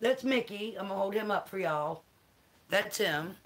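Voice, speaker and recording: A woman's voice: mid-range voice, animated, moderate pace, a little hiss or hum. A Southern woman chatting casually on her livestream, greeting viewers by name and cooing to her dogs; she says she is a little tired. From American South. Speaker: livestream host.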